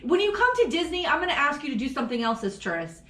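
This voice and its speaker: A woman's voice: sits high, quick pace, reverberant. Profane, laughing woman podcast host. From Florida. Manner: profane, laughing, animated storytelling. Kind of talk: casual true-crime chat.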